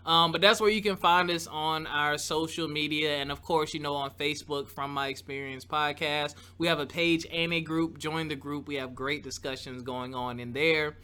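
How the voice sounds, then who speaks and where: An upbeat man hosts a casual podcast, his voice set a little high and ringing bright. He chats loosely and cheerfully with his guest and listeners. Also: moderate pace, hardly any pauses, a little hiss or hum. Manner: lively, upbeat, chatty with laughs. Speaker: podcast host.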